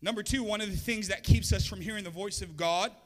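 A male pastor with a high, bright voice preaches a sermon in a loose, conversational way and slips in joking asides. His words ring out with a long reverb that trails through the hall. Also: fast talker, soft background music.

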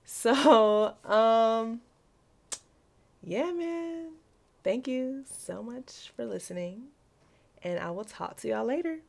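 A woman's voice: a little high, expressive, slow, creaky, pauses often, a little hiss or hum. A young adult woman hosting a solo podcast, ranting bluntly and profanely with constant "like" fillers. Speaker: podcast host. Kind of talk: casual solo podcast rant.

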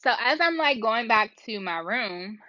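A woman's voice: a little high, measured pace, dry recording. A woman vlogger casually telling a story to her viewers, rambling and acting out the dialogue. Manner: animated, rambling, acts out dialogue. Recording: dull lo-fi sound.

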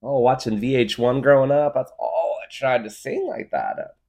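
A man's voice: medium pitch, moderate pace, creaky, a little mellow. A man hosting a comedy podcast, rambling through a comic monologue packed with filler words. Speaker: podcast host.

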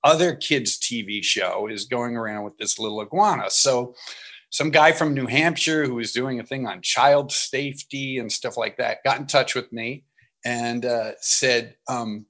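A man's voice: medium pitch, moderate pace. A man, an actor guest in an interview, telling anecdotes with laughs and acted-out quotes. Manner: animated, laughing, acts out quotes.

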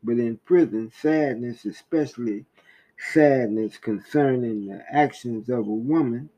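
A man's voice: mid-range voice, a little slow, dark tone, rough recording. A man hosting a reflective monologue, asking rhetorical questions as he tells a story. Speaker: podcast host.

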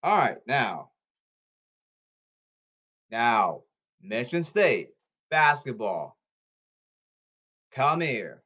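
A man in a rambling monologue, repeating commands and calls, with loud bursts and sudden drops in volume. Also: medium pitch, big pitch swings, drawn-out words, pauses often, husky, muffled recording. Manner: repetitive, issuing commands and calls.

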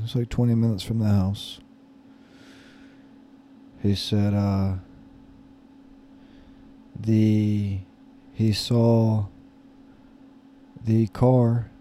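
A man's voice: on the low side, dark tone, a little hiss or hum. A man in his thirties casually telling a story, rambling and hesitant with many fillers and restarts. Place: lives in Florida.

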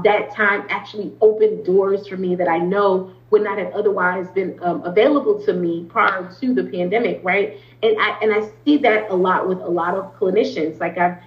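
A woman therapist speaking as an interview guest, explaining earnestly at length with frequent ums and restarts. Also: medium pitch. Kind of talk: conversational interview talk. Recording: roomy, slightly dull sound.

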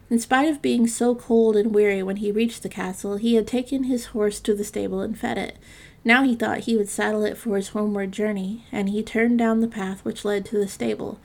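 A woman narrating a classic fairytale in a calm, measured storytelling reading. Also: mid-range voice, creaky.

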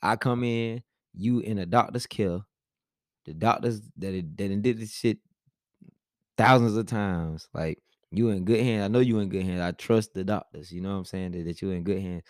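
This is a man with a lowish voice, talking bluntly with his wife in a casual couple's chat. He stays laid-back while he argues his side. The recording is dry, with little room sound. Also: animated, normal speed, darkish tone, no room sound. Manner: blunt, laid-back, argumentative, says "bro" often. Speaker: husband in a couple's vlog.

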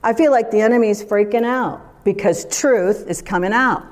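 A woman's voice: medium pitch, moderate pace. A woman preaching a sermon in a conversational, emphatic way, full of rhetorical questions.

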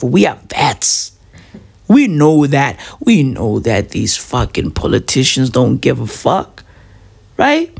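A man in his thirties riffs through a profane comic monologue, taking his time and stretching his words out. His voice is gravelly and climbs and falls widely, and he keeps tossing in "right?" and "bruv". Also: sits high. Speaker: comedian vlogger.

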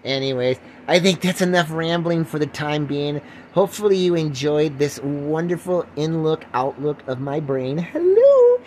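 A man's voice: fairly high pitch, normal speed, a little mellow, a little hiss or hum. An older man hosting his own podcast in a goofy, rambling comic monologue, laughing often and dropping into silly voices. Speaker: podcast host.

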